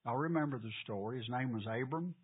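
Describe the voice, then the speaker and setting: Husky teacher, questioning, repetitive, phone-quality audio. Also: male voice, medium pitch, fast talker. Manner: asks the class questions, repeats key points. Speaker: Bible teacher. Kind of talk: Bible class teaching.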